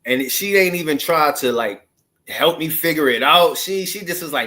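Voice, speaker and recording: A man in his thirties, originally from Maryland, talks straight to the camera in a loose, casual storytelling monologue. His speech is slangy and full of asides, and his voice sits at an ordinary middle pitch. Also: lively intonation, moderate pace, pushed and bright. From Maryland, USA. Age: 30s. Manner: loose, slangy street talk with many asides. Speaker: vlogger.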